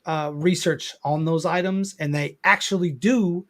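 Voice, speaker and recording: An enthusiastic man chatting as a guest on a podcast. His voice sits slightly high, and he circles back over the same points. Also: steady tone, measured pace. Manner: enthusiastic, repeats himself. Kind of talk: casual podcast chat.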